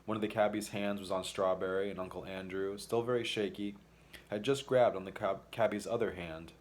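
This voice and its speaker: A man reading a children's fantasy story aloud as audiobook narration, in a measured, expressive way. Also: fairly low pitch. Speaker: audiobook reader.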